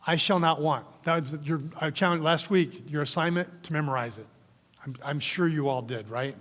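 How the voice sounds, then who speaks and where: A man preaching a sermon as pastor in a church, conversational, sometimes dropping to a soft whisper. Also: fairly high pitch, moderate pace. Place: church sanctuary. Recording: long church reverb.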